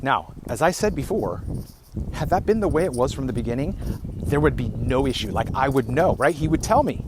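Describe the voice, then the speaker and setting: A man's voice: mid-range voice, brisk. Exasperated man ranting, noisy recording. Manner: animated, exasperated storytelling. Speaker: podcaster. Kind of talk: casual monologue.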